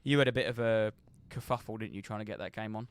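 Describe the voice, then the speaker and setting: A man's voice: lowish voice, fast, clean tone. A man hosting a podcast, chatting casually with plenty of hesitations as he steers the talk. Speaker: podcast host. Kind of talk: casual chat.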